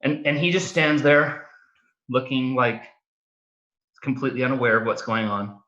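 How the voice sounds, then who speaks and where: A man playing a tabletop game chats in a halting, playful way. His voice is bright, and the mic sound is dull. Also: medium pitch. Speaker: player. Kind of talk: casual chat at a game table.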